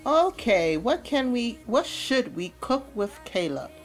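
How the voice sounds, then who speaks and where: A woman's voice: fairly high pitch, sing-song, slow, soft background music. A woman hosting a gameplay video, chatting playfully and casually with slangy asides. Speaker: let's play host.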